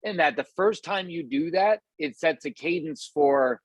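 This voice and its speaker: With lively intonation and a slightly slow delivery, a man rambles through an informal motivational talk for his team, full of restarts. He imitates quoted people by raising his pitch and volume. There's no echo.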